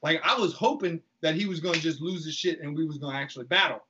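Animated profane man telling a story. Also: on the high side, fast, muffled recording, a little hiss or hum. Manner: animated, profane, acts out quoted lines. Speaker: podcast guest recounting reality TV. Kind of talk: casual storytelling.

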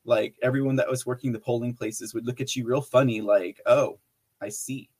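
A man's voice: mid-range voice, steady tone, brisk, a little mellow, husky. A man hosting a live podcast stream, chatting loosely with viewers, reading their messages aloud, with lots of fillers and restarts. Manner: rambling with many fillers and restarts, laughs often, reads chat messages aloud. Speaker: livestream podcast host. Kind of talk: casual live-chat talk.

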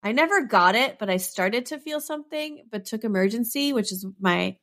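A woman's voice: a little high, lively intonation, moderate pace, a bit bright. A woman co-hosting a podcast, chatting casually and upbeat from a home closet, reacting readily to her partner. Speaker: podcast co-host. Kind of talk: casual chat. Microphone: home recording from a closet.

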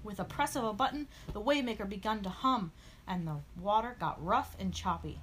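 Reading from a children's storybook, this woman brings lively, expressive energy to the telling. She speaks at an ordinary pace in a mid-range voice, and faint noise can be heard behind her.

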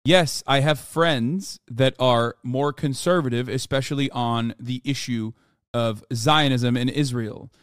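A man streaming live, reacting to a clip with sarcastic, profane commentary that often erupts into shouted rants. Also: mid-range voice, measured pace, clean tone, dry recording, studio quality.

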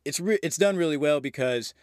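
A man's voice: on the high side, expressive, brisk, a little mellow, no echo, studio quality. A man hosting a movie review podcast, recapping a horror film in a loose, enthusiastic way with frequent fillers and the odd swear.

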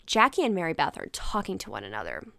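A young woman talks fast and loose through a personal story, swearing casually and slipping into quick impressions of the people she met. Her voice is smooth and clear, recorded close and dry with no room sound. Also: deep voice, huge pitch swings, sharp tone, no echo. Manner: chatty, rambling, swears casually, acts out voices.

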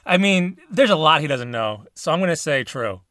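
A man co-hosting a casual podcast, joking and laughing with animated delivery. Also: fairly high pitch, normal speed, dry recording, studio quality. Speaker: podcast co-host.

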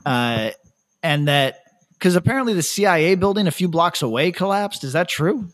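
Podcast guy rambling thru a story, laughs a lot, slightly high voice. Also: animated, moderate pace. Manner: rambling anecdotes, laughs often. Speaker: podcast host. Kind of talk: casual chat, storytelling.

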